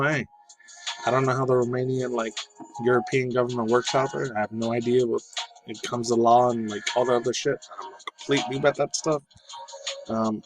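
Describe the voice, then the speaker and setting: A laid-back man rambling through casual news commentary, swearing freely. His voice is a plain middle pitch. A lofi music track plays clearly under him the whole time. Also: poor audio. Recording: voice over lofi background music.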